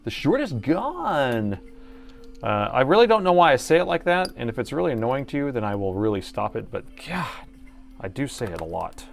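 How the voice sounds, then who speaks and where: A man's voice: medium pitch, lively intonation, fast, gravelly, soft background music. A middle-aged man chatting through a live laptop repair, joking about himself as he works. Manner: chatty and self-mocking, talking while working. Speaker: repair technician streamer. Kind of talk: live repair stream commentary.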